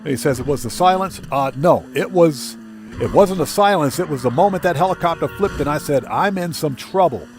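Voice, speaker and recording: A man's voice: on the high side, lively intonation, a little fast, slight background noise. A man hosting a solo game livestream, casually reading and answering chat with frequent chuckles, speaking. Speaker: livestream gamer host.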